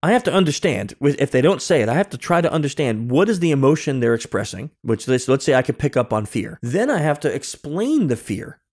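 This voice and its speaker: A man's voice: mid-range voice, sing-song, brisk, few pauses, a little mellow. A man telling a personal story as a podcast guest, acting out dialogue with many restarts, recorded over a remote call. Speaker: guest, security consultant. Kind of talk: conversational storytelling.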